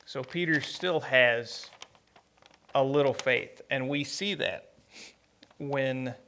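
A man preaching a conversational sermon, plainspoken and unhurried, with many pauses and restarts. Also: mid-range voice, pushed and bright, a little hiss or hum.

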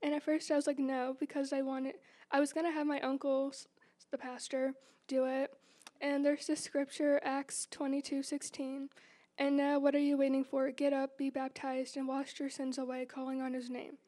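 A woman's voice: high voice, monotone, normal speed, dark tone. A teenage girl earnestly reading a prepared testimony to her church. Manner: reads prepared remarks, earnest. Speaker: youth group member.

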